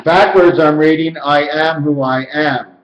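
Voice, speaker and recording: In a roomy, dull, lo-fi home recording with slight background noise, a man explains his theories about numbers and letters in a rambling solo monologue to the camera. He chants and draws his words out in a sing-song way. His voice is a little high, with a steady tone, and he doesn't hurry.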